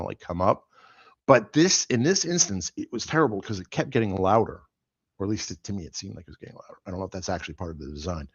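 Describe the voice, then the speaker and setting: A middle-aged man, still sore after an accident, hosting a show and telling a rambling, animated story with lots of fillers. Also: on the low side, no echo, muffled recording. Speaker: host. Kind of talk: casual chat.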